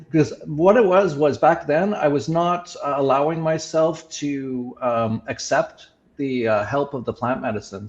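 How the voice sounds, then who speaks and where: A man hosting a talk show, telling a personal story in a casual, reflective way, often pausing and restarting with fillers. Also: medium pitch, lo-fi sound. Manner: halting, many fillers and restarts. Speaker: show host sharing his experiences.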